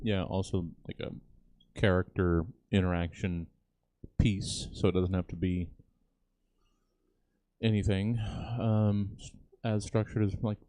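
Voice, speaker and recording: Low, mellow-voiced man rambling casually. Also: little pitch movement, unhurried, long pauses, dry recording. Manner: rambling, swears casually, frequent fillers. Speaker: comedy theater co-host. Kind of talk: casual planning chat on a livestream.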